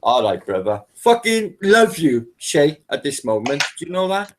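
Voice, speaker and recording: Boisterous man, interrupts and swears, slightly high pitch. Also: sing-song, moderate pace. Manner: boisterous, swearing, jumps in and takes over. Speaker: participant in online group call. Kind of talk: casual group chat.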